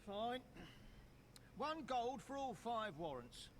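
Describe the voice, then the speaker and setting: A high-voiced harried town guard. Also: male voice, very animated, slow, slight background noise, heavily acted. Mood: wheedling.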